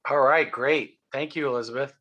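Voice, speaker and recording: A man's voice: mid-range voice, fairly even intonation, moderate pace, pushed and bright, highs cut off. A man moderating a video meeting, hesitant, with many fillers.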